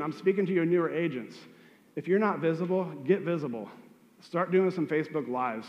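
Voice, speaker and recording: Guy real estate agent giving pep-talk tips, kinda high voice, muffled echoey sound. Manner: direct, coaching, asks rhetorical questions. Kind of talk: motivational advice talk.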